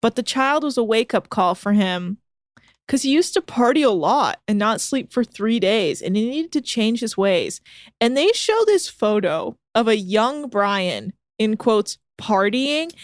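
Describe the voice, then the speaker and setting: A woman co-hosting a podcast, recapping a show in casual chat with animated, sarcastic, profane storytelling. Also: on the high side, measured pace, no room sound, clean studio sound. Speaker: podcast co-host.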